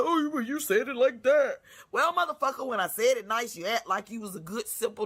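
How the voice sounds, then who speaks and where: A woman's voice: medium pitch, a bit bright. Fierce, foul-mouthed woman ranting. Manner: blunt, scolding, heavy cursing. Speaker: segment host. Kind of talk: profane ranting monologue.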